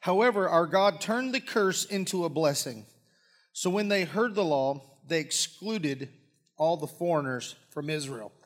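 A man preaching a sermon in a church, folksy and joking, often clearing his throat. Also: a little high, expressive, measured pace. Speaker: pastor. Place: church sanctuary with congregation. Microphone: live-streamed stage mic.

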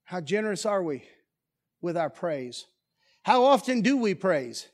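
A man's voice: sits high, big pitch swings, unhurried. A man preaching a sermon as pastor, pressing the congregation with emphatic rhetorical questions in a church. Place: church sanctuary.

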